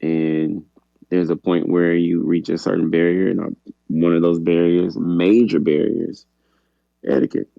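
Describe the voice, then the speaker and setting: A man's voice: low voice, a little slow, creaky, no room sound. A man co-hosting a podcast, chatting casually in an easygoing, musing way with lots of "you know". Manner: relaxed, musing delivery with frequent "you know". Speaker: podcast co-host. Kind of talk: casual chat. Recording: slightly dull, dry lo-fi sound.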